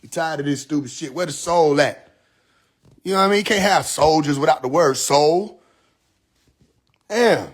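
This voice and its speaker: A man ranting comically on a phone live stream, profane and mocking, often breaking into shouted lines and laughter. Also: a little high, normal speed, pauses often. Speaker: livestream host. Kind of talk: comedic rant on a live stream.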